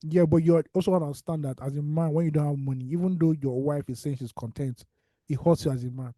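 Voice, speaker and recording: Nigerian male podcast co-host, playful banter, mellow tone, close and dry. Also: on the high side, steady tone, fast, no room sound. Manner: playful, joking, slips into Pidgin. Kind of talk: casual banter.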